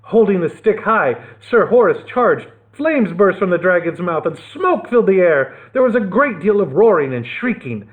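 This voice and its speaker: A male children's librarian reading a picture book aloud, animated and playful with asides. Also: high voice, normal speed, few pauses, phone-quality sound.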